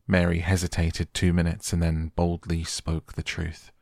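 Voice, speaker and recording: A man reading a classic novel aloud as a soft, soothing bedtime audiobook. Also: low-pitched, completely flat delivery, gravelly, no echo, clean studio sound. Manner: slow, soothing. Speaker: audiobook narrator.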